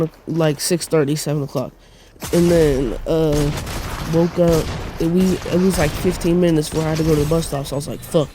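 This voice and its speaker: A man's voice: a little high, dark tone, a little hiss or hum. A young man telling a rambling, profane personal story in casual slang, full of fillers.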